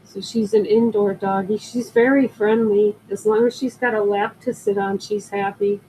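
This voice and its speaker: Selling jewelry on a live stream, an older woman speaks at a moderate pace in a mellow, mid-range voice with fairly even intonation. She's a chatty storyteller who rambles and greets newcomers in this casual chat. Low-quality audio with a little hiss or hum.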